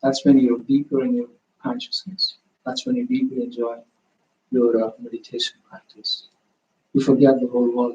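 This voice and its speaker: Man, yoga teacher, calm and unhurried instruction, medium pitch, echoing muffled room sound. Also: slight background noise. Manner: slow, calm, gently instructive. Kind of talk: guided yoga and meditation instruction.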